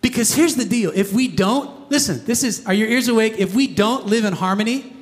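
A man's voice: high voice, a little fast, big-room sound. A man preaching a sermon as pastor, emphatic and asking the congregation questions. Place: church sanctuary.

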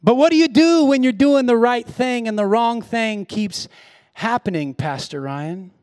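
High-voiced preaching man. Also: measured pace, dry recording, clean studio sound. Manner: swings from hushed intimacy to shouted exhortation. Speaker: pastor. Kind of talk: sermon.

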